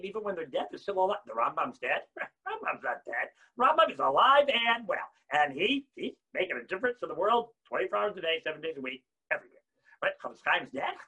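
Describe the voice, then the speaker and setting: Animated man with a husky bright voice. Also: sits high. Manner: animated, swings from loud to near-whisper. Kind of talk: Torah talk on repentance.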